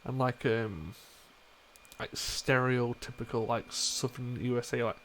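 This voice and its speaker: A man's voice: mid-range voice, fairly even intonation, measured pace, a bit bright, slight background noise. A man with an English accent chatting casually and swearing freely as a player between rounds of a tabletop game over a voice call. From England.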